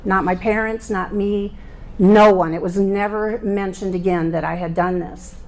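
A woman's voice: mid-range voice, steady tone, normal speed, darkish tone, rough recording. A middle-aged woman giving her personal faith testimony, speaking earnestly and plainly, leading a prayer and telling her life story.

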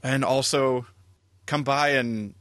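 A man's voice: medium pitch, steady tone, takes it slowly, fairly bright tone, no room sound. Dry-voiced male podcast host. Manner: rambling, chuckling wrap-up announcements. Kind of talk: casual podcast chat.

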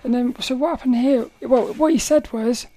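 Rambling woman with a mellow voice. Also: fairly high pitch, normal speed. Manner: rambling, animated, laughs often, restarts sentences. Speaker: podcast host. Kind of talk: casual solo podcast storytelling.

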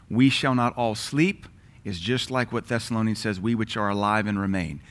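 A man teaching a Bible class in an earnest, emphatic way, slowing down and lifting his voice to read scripture aloud. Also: on the low side, fairly bright tone. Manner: earnest, emphatic, slows and lifts his voice when reading scripture.

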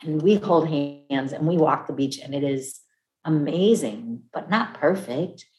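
A woman in her fifties talking casually and warmly about marriage, acting out other people's voices as she tells stories. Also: low voice, lively intonation, a little slow. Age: 50s. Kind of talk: casual heartfelt conversation. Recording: echoey room.

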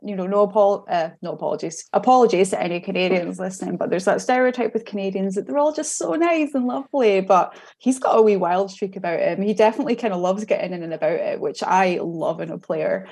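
A woman's voice: mid-range voice, quick pace, few pauses, darkish tone, slightly rough. A Scottish woman on a podcast panel, giving enthusiastic opinions about her football team. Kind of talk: casual football chat.

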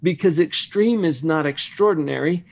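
A man hosts a conversational interview with a slightly higher-pitched voice. He reflects his guest's points back to her and draws her out with affirming, thoughtful questions. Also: moderate pace, creaky. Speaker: interview host.

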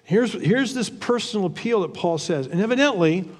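A man with a high voice teaches from the Bible in a relaxed, conversational way, thinking aloud as he goes. He is earnest, often repeating a word or restarting a phrase. A long hall reverb trails after his words. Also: moderate pace. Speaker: preacher.

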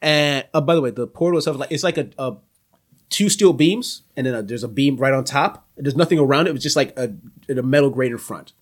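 A man's voice: mid-range voice, brisk. A man with a Southern US accent, running a tabletop game as game master and narrating scenes in a rambling way. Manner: rambling, restarts mid-description.

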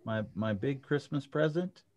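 A man co-hosting a live podcast in casual chat, upbeat and quick to laugh. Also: mid-range voice, expressive, a little mellow, slight background noise. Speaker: podcast co-host.

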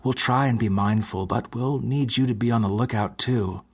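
A man's voice: medium pitch, normal speed, husky. A man voicing a commanding old woman ghost. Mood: cautioning.

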